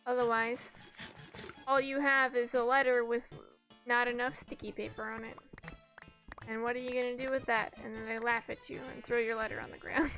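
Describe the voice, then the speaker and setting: Brief: young woman streamer, high voice, chatty and profane, quick to laugh, soft music underneath. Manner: chatty, swears freely, laughs often, rambling anecdotes. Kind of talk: casual chat while gaming. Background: faint background music.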